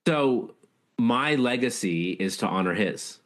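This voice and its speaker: A man's voice: mid-range voice, lively intonation, slow pace, fairly bright tone. A man talking as an interview guest, an author and leadership speaker who tells stories in an earnest, reflective, heartfelt way. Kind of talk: casual interview storytelling.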